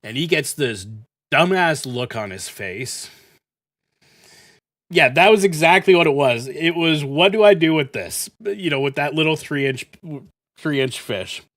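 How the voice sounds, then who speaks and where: A man's voice: fairly high pitch, expressive, unhurried, fairly bright tone. A man hosting a gaming channel, telling a rambling, profane story full of fillers. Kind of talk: casual storytelling while playing.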